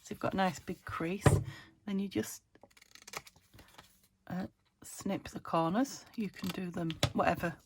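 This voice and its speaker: Woman from the UK, craft channel host; lowish, gravelly, slightly croaky, chatty thinking-aloud delivery with faint background noise. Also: fairly even intonation, unhurried. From United Kingdom. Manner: chatty, self-chiding, thinks aloud while working. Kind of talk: casual craft tutorial chat.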